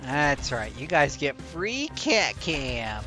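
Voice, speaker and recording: A man giving chatty live gameplay commentary as a streamer, talking straight to his viewers and jumping into high playful tones. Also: big pitch swings, takes it slowly, bright, forceful tone, soft background music. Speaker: game streamer.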